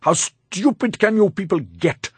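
A man's voice: low voice, big pitch swings, unhurried, darkish tone, husky, no room sound, heavily acted. A man voicing a contemptuous, short-tempered rich young master who snaps and sneers, in an audiobook. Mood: angry. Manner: scornful, snapping.

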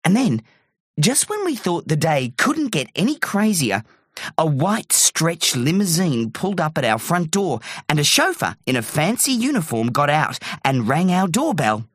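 A woman narrating a children's story aloud with animated, character-filled delivery. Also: deep voice, unhurried, husky, dry recording, clean studio sound. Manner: animated, swoops between character voices.

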